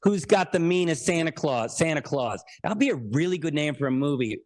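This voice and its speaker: A man's voice: fairly high pitch, lively intonation, a little fast, a little mellow. A man talking as a podcast guest in casual interview chat, joking, self-deprecating and rambling.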